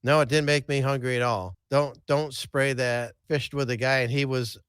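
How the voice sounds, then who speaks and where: In casual storytelling chat, an angler who hosts a podcast shares folksy fishing stories, often restarting and repeating himself. His mid-range voice is clear, resonant and a bit bright, with fairly even intonation at normal speed, recorded dry in studio quality.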